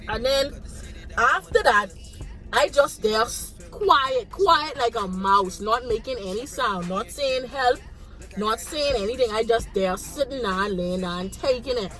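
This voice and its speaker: A young Bahamian woman with a slightly high voice tells a casual story with blunt frankness, acting out her own reactions as she goes. Soft music plays faintly behind her. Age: young adult. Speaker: vlogger.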